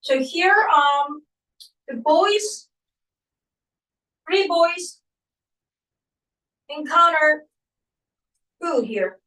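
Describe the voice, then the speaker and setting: A woman runs a reading lesson in a high voice, keeping a slow and patient pace. She keeps prompting with short checking questions. The sound is roomy and set back from the mic. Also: pushed and bright, distant mic. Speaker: English reading teacher.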